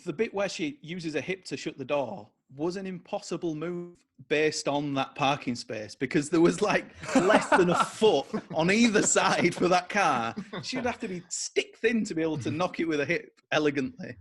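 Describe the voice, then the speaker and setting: A man's voice: fairly high pitch, lively intonation, normal speed, hardly any pauses, a bit bright, breathy edge. A man on a comedy panel, riffing in an incredulous, rambling way. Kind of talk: casual comedy chat.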